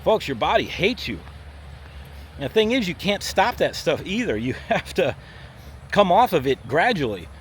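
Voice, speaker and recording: A man's voice: high-pitched, very animated, normal speed. A man, a firefighter paramedic, talking bluntly and emphatically to camera on a walk-and-talk vlog outdoors. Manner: blunt, emphatic, acts out body parts in voices. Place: outdoors in a theme park area. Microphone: handheld camera while walking. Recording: faint street and traffic noise outside.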